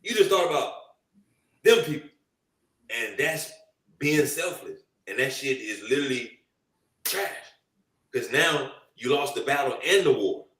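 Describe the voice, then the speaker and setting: A man's voice: medium pitch, unhurried, long pauses, recorded from a distance. A young man co-hosting a casual group chat, telling slangy stories and acting out quotes. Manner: animated, slangy storytelling with acted-out quotes. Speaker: podcast co-host. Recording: roomy, off-mic sound.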